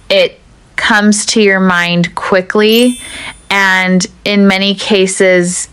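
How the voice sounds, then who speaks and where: A woman teaching an English lesson in a measured, deliberate way, speaking straight to the viewer. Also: mid-range voice, fairly bright tone, smooth, no room sound. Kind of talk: scripted teaching narration.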